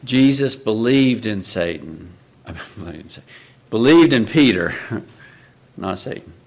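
A man's voice: on the low side, animated, slow pace. A man preaching a sermon in an earnest way, often asking his listeners rhetorical questions.

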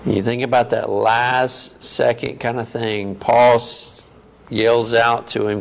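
A man's voice: fairly low pitch, creaky. A man preaching a sermon in a conversational teaching manner, often asking the congregation questions.

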